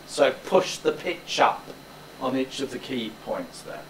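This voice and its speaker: A man's voice: medium pitch, measured pace. A male drama teacher coaching a student through a speech, encouraging him and demonstrating lines aloud. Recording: roomy, distant mic, faint background noise.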